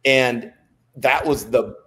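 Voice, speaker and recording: A man in his fifties tells his life story as a podcast guest. He speaks at a middling pitch in a relaxed, casual way and breaks into laughter between anecdotes. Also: takes it slowly. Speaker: podcast guest, former Navy SEAL.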